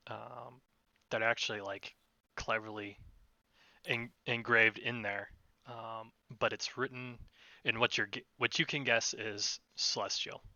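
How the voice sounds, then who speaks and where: Man, game master, lilt, very bright tone, dry close sound, a bit dull. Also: medium pitch, no echo. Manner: hesitant, many fillers. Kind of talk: narrating a tabletop game.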